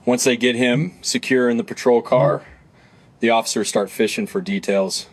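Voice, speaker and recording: A man giving scripted true crime narration in a matter-of-fact, even delivery. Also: medium pitch, moderate pace.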